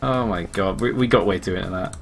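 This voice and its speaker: A man's voice: sits low, fairly quick, gravelly, soft background music. A young man streaming a game, joking and laughing often with a friend. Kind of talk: casual gaming stream banter.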